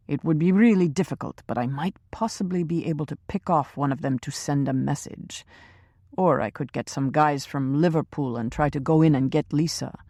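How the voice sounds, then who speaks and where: A man's voice: a little high, creaky, a little mellow, dry recording, clean studio sound. A woman reading a ruthless male hired killer in an audiobook, curt and menacing.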